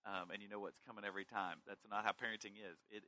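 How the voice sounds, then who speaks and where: Middle-aged male pastor, bright forceful tone, slightly low, chatty sermon delivery. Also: fast talker, rough recording. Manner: conversational, animated Bible reading.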